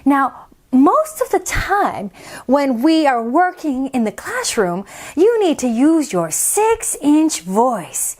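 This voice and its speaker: A patient, gentle teacher, as a woman reads her part. She speaks slowly and softly, in a calm, coaxing tone. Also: high-pitched, full character voice. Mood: instructive. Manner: calm, soft-spoken, coaxing. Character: patient, gentle female schoolteacher.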